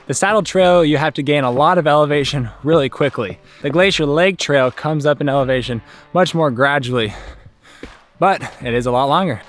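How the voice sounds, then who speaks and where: A man's voice: a little high, fairly bright tone. A young man narrating an outdoor hiking vlog on a forest trail, chatty and informative, speaking into a handheld camera mic. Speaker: vlogger and hiking guide.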